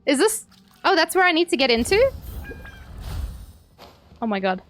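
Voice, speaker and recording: A woman's voice: sits high, sing-song, normal speed, fairly bright tone, faint music behind. A woman streaming a video game, chatting playfully with her viewers and swearing freely as she plays. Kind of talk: casual gameplay commentary.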